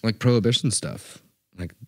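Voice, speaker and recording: A young adult man co-hosting a podcast, chatting casually and telling an animated story with plenty of swearing. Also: on the low side, moderate pace, no room sound, clean studio sound. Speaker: podcast co-host. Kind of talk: casual chat.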